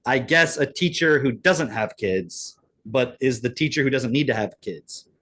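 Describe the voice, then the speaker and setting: A man's voice: mid-range voice, moderate pace, fairly bright tone. A man co-hosting a podcast, ranting sarcastically in casual, profane chat. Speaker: podcast co-host.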